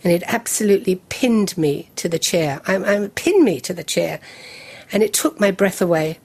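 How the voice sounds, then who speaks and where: Older woman telling lively anecdotes. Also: on the low side, moderate pace, breathy edge. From England. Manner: lively anecdotal storytelling with laughs. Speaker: guest. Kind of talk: storytelling interview.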